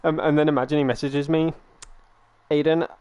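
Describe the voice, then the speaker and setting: A man hosting a live stream, telling stories in quick, playful casual chat. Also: fairly high pitch, little pitch movement, darkish tone, smooth, dry recording. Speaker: streamer host.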